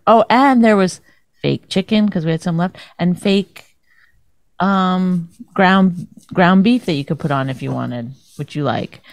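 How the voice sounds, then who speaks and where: A woman's voice: on the low side, darkish tone, dry recording, studio quality. A middle-aged woman, a podcast co-host, teasing her husband sarcastically in casual chat. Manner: sarcastic, teasing, mock-impressions.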